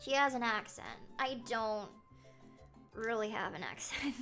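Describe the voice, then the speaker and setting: A young woman with a bright, high voice and a faint Canadian accent chats with her live-stream audience. She giggles often and jumps quickly from one thought to the next. Soft music plays quietly in the background. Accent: light Canadian. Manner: lively, giggly, chatty, reacts to chat. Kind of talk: casual live-stream chat.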